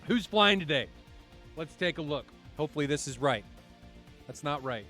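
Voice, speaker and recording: A man commentating a live flight-simulation match stream in a chatty, excitable way, swearing now and then and poking fun at himself. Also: a little high, normal speed, faint music behind. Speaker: esports commentator.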